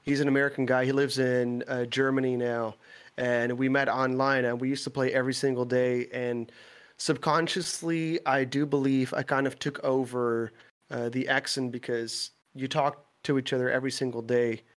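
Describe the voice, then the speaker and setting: A man's voice: medium pitch, normal speed. Dutch man chatting on a podcast. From Netherlands. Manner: relaxed, talks in long winding explanations with fillers. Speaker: guest. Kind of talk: casual podcast chat.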